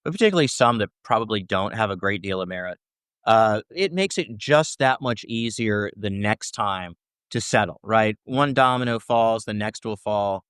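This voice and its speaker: A man's voice: fairly low pitch, animated, normal speed, fairly bright tone, clear, resonant tone, no room sound, studio quality. A man answering interview questions as a scholar, talking in long explanations and checking in with "right?" between points. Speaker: First Amendment scholar guest.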